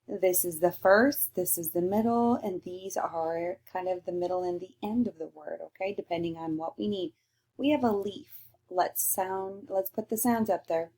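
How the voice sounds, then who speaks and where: A woman teacher giving a recorded lesson to young children, slowly sounding out letters and praising answers. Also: lowish voice, darkish tone. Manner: slow, sing-song and encouraging, sounding out letters.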